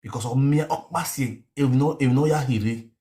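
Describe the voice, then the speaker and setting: With a medium-pitched voice at a moderate pace, a man hosting an online show tells a rambling live-stream story in a Nigerian accent. He repeats words, stays animated, and moves between pidgin and a local language.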